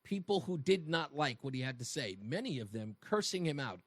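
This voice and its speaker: A man's voice: fairly high pitch, very animated, normal speed, hardly any pauses, no room sound. A man hosting a talk radio show, delivering an emphatic monologue and speaking straight to his listeners with rhetorical questions. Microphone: studio microphone.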